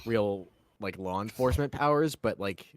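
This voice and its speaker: A man's voice: lowish voice, moderate pace. A man laughing and teasing friends over voice chat while gaming, with plenty of filler words. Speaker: Minecraft server player.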